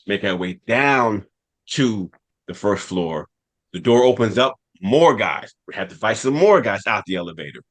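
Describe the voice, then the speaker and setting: Man, low voice, casual podcast storytelling, animated, repeating phrases. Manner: animated, repeats phrases for emphasis, laughs while telling. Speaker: podcast cast member.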